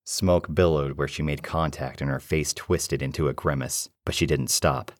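A man narrating a first-person horror story in a low, steady, measured way. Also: no echo, studio quality.

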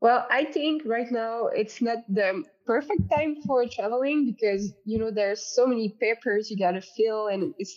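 A woman's voice: mid-range voice, a little mellow. A woman, talking as a guest on a podcast. She chats loosely, leaning on fillers as she goes. The sound is a bit dull and lo-fi. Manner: chatty, many fillers like "like". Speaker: guest, volleyball player. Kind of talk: casual podcast chat.

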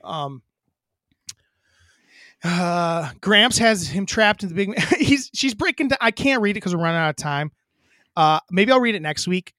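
A man's voice: high voice, animated, a little slow, pauses often, bright, forceful tone, no room sound, clean studio sound. A man co-hosting a podcast in a casual, rambling chat, joking and swearing. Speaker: podcast co-host.

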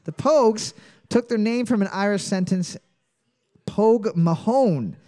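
A man's voice: high-pitched, a little slow, dark tone. A man hosting a comedic trivia quiz, playfully reading each question twice with exaggerated emphasis. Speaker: quiz host.

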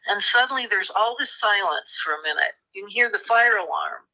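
Bright-voiced woman telling a true crime story. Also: mid-range voice, expressive, a little fast, rough recording. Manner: vivid retelling with quoted voices and restarts. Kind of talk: storytelling interview.

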